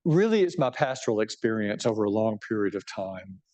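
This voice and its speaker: A man's voice: on the low side, brisk. A middle-aged man, a bishop, talking casually about his book to an audience, often restarting and checking in with "right?". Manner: conversational, animated, many restarts and "right?" tags. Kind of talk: book talk with audience questions.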